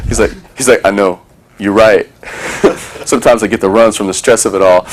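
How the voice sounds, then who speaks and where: A man's voice: medium pitch, expressive, fairly quick, a little hiss or hum. A man talking casually to a small group, telling a story and acting out other people's voices, swearing freely.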